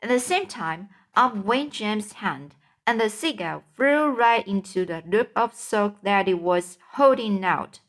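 A woman reading a children's storybook aloud, slow and careful, with occasional slips. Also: mid-range voice, lively intonation. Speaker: reader.

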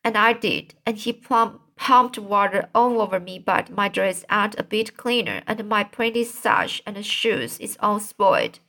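A woman's voice: mid-range voice, lively intonation, measured pace, vocal fry, few pauses, bright, forceful tone, full character voice. A woman voicing a prim little girl who complains tearfully in a storybook reading. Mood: whiny, upset. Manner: plaintive, complaining storybook child.

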